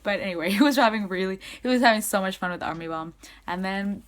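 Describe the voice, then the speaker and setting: Young female vlogger, casual chatty recap, excitable, uneven loudness. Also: medium pitch, fast talker. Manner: chatty, excitable, many "like"s, swings loud to soft. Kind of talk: casual fan recap to camera.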